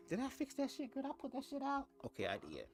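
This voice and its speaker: A sassy young man spilling a story to his viewers, cursing freely and leaning hard on every punchline. His pitch leaps up and drops low all the time, lively and expressive, with soft music faintly under him. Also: quick pace, creaky. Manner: profane, sassy, emphatic with big pitch swings. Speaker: storytime vlogger. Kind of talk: casual storytelling to camera.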